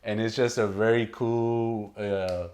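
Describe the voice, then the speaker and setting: A man's voice: fairly low pitch, fairly even intonation, slow pace, darkish tone. A man co-hosting a casual movie review chat, rambling with many fillers and restarts. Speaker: co-host.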